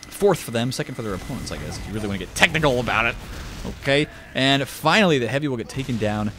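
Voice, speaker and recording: A young man casting a competitive online game solo, chatty and jokey, talking to the viewer and jumping up in pitch on big plays. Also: expressive, quick pace, pushed and bright, a little hiss or hum. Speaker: shoutcaster. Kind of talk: esports play-by-play commentary.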